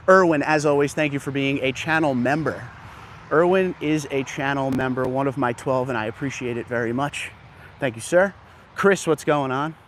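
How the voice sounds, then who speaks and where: A man hosting a casual live stream, walking through an outdoor dealership lot and greeting viewers by name, a little out of breath from walking. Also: medium pitch. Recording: faint outdoor background noise.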